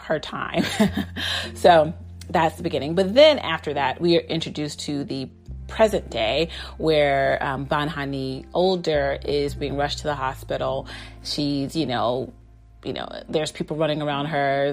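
A woman's voice: low-pitched, darkish tone. A woman casually recapping a TV drama, chatty, full of fillers and restarts, often laughing. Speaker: drama reviewer.

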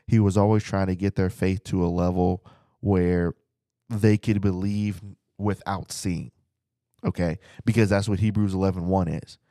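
A man's voice: low voice, fairly even intonation, normal speed, mellow, dry recording, studio quality. A man teaching the Bible as a preacher, earnest and repeating phrases for emphasis, speaking to listeners at home.

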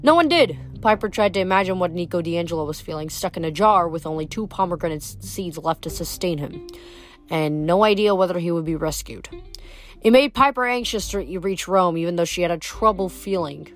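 A woman reading a novel aloud chapter by chapter, in a plain steady way with small slips. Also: fairly low pitch, fairly quick, faint music behind. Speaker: audiobook reader.

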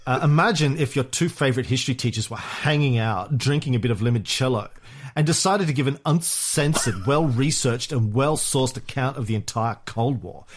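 Bubbly valley girl voice put on by a man, sing-song, upbeat, gushing young woman, mid-pitched. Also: normal speed, natural voice.

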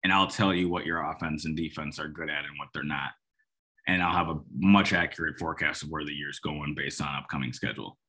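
A man's voice: a bass voice, fairly even intonation, brisk, sharp tone, breathy edge. A man hosting a solo football podcast, talking in a rambling, emphatic, opinionated way with sarcastic asides. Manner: rambling, emphatic, restarts a lot. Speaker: sports podcast host. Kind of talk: casual solo football analysis.

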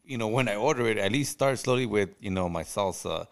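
A man co-hosting a podcast, chatting casually and agreeably as he airs calm complaints. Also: lowish voice, brisk, clean tone. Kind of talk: casual chat.

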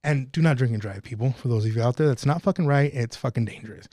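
A man's voice: mid-range voice, fast talker, mellow, no room sound, clean studio sound. A man telling a profane, laughing story in casual podcast talk. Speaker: podcast guest.

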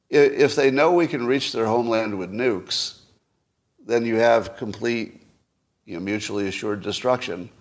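A man hosting his own podcast, giving solo political commentary in a wry, skeptical way, full of rhetorical questions and dry chuckles. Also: medium pitch. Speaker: podcast host.

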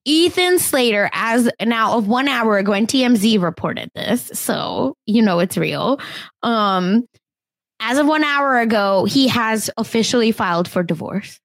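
Lively young woman gossiping on a podcast. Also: on the high side, unhurried, no room sound. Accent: Indian. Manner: animated, chatty, laughs often. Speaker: podcast co-host. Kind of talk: casual celebrity gossip chat.

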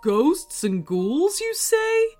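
A woman voicing a hungry, gentle young female elephant in a children's storybook reading, with a slow, drawn-out delivery. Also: on the high side, wildly swooping pitch, soft background music, full character voice.

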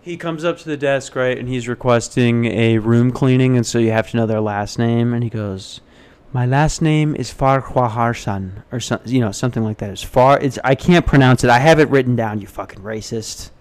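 A man's voice: brisk, few pauses, a little mellow, clear, resonant tone. Rambling young American man telling stories. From United States. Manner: rambling, self-deprecating, jumps into high mock voices. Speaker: podcast host. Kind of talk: solo casual podcast storytelling. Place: hotel front desk.

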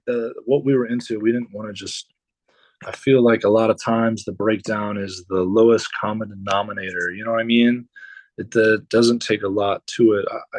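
Man, low voice, rambling tour stories, swears a lot, dry close sound. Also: no echo, poor audio. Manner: rambling, swears often, many fillers. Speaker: musician guest. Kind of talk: casual storytelling.

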